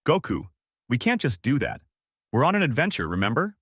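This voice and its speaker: A man's voice: medium pitch, very animated, fairly quick, fairly bright tone, dry recording, clean studio sound. A man voicing an impatient, bossy young woman adventurer in a fan-made story reading. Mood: irritated. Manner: snappy and sarcastic.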